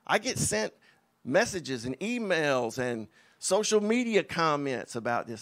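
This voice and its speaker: A man's voice: fairly high pitch, very animated, unhurried, fairly bright tone. A man preaching a sermon, in an emphatic, conversational way with scoffing asides. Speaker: pastor.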